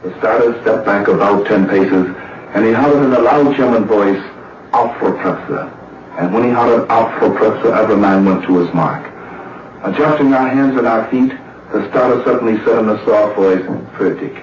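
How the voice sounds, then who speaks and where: Deep-voiced man telling an old story. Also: noisy background. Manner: measured, deliberate storytelling. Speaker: athlete recalling a race. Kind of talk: reflective spoken recollection. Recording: muffled, distant, roomy archive recording.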